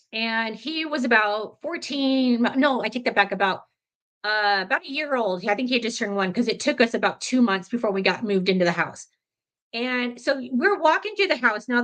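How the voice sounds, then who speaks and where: A woman's voice: fairly high pitch, a bit bright. A woman in her fifties telling a personal story in a casual, rambling way, full of fillers, self-corrections and easy laughter. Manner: laughs easily. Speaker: podcast storyteller.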